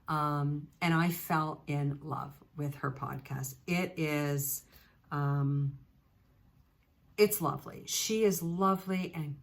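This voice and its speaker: Low-voiced chatty woman podcast host. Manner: chatty and gushing, with many fillers. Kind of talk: casual chat to camera.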